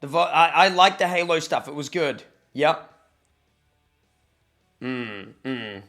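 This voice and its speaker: A young Australian man with a bright, forceful voice that sits a little high, talking casually to his stream chat. He jokes around and thanks people for subs, and he sounds a bit sniffly from hay fever. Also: animated, slow, soft background music. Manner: chatty, joking, reads chat aloud. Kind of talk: casual livestream chat with viewers.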